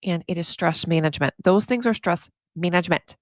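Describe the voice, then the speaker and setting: Woman therapist rambling on her podcast, low voice, dry close sound, lots of y'all. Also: a little fast, no room sound. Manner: chatty and emphatic, often says "y'all"; frequent laughs and asides. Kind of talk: casual podcast monologue.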